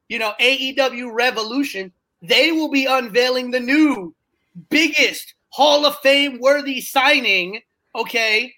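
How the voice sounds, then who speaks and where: Bright-voiced man with halting delivery. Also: very high-pitched. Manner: halting, repeats words, many fillers. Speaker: podcast co-host. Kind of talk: wrestling news talk.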